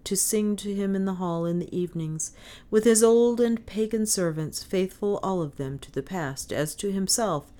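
Low-voiced woman reading a novel. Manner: measured, expressive storytelling. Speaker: narrator.

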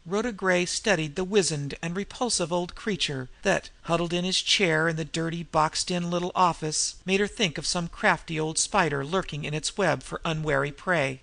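A male audiobook narrator with a gravelly, bright-toned voice, telling the story in a measured, even way. The recording is dry and close. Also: on the high side, no room sound.

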